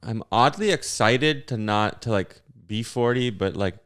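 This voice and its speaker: A man in his late thirties co-hosting a comedy podcast, trading deadpan absurd bits in casual chat. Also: medium pitch, measured pace, clear, resonant tone. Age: 30s. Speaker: co-host.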